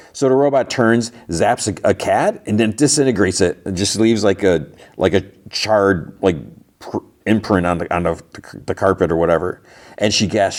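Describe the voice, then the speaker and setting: Speaking in a lowish, darkish voice, this man hosts a podcast and goes over a TV episode in a loose, rambling way, full of fillers and restarts.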